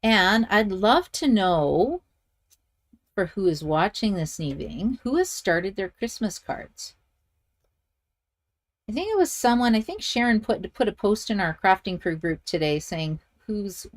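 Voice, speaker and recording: A woman's voice: medium pitch, expressive, moderate pace. Chatty woman running a live stamping class. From Canada. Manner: chatty, thinks aloud while working, reads viewer comments. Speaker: card-making instructor. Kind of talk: live-streamed stamping tutorial.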